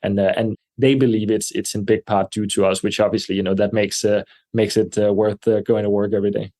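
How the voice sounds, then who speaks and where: A man speaking as a podcast guest, measured and thoughtful, with frequent fillers and restarts. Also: on the low side, flat delivery, dark tone. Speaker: guest, air purification company representative. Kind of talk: podcast interview answers. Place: New York.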